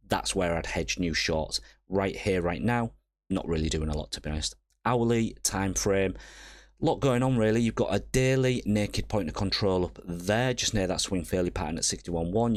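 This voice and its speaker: A man's voice: sits low, dry recording. A man hosting a casual crypto market update, walking through charts and often checking in with viewers with "okay?". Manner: chatty, checks in with viewers with "okay?" and "all right?". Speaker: crypto trader and channel host.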